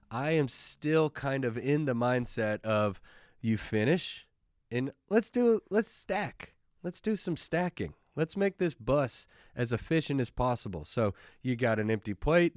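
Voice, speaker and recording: A male podcast host telling casual, jokey stories in a loose, profane, animated way, close to the microphone. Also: fairly low pitch, smooth, dry recording. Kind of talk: casual storytelling chat.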